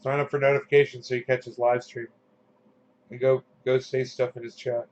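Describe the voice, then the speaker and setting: A man's voice: medium pitch, flat delivery, fairly quick, darkish tone, a little hiss or hum. A man hosting his own channel, chatting loosely and swearing often, with plenty of fillers and restarts. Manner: loose, profane, full of fillers. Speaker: channel host. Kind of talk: casual rambling chat. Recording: dull lo-fi sound.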